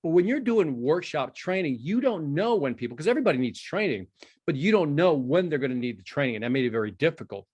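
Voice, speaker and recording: A man's voice: fairly high pitch, fast talker. A middle-aged man from Chicago, a sales speaker telling stories in an interview and acting out the dialogue. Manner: animated storytelling, acts out dialogue. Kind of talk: storytelling interview.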